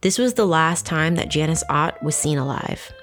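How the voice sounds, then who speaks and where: Woman, true crime podcast host, fairly low voice, casual, profane, animated. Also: normal speed, over loud music.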